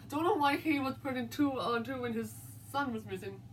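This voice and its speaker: A woman telling a spooky story in a casual, rambling way, full of halts and restarts. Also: high-pitched. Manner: rambling, halting narration with restarts. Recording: distant mic, faint background noise.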